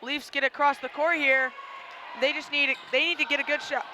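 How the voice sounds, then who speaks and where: A man giving color commentary at a basketball game, with relaxed, measured remarks. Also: very high-pitched, noisy background.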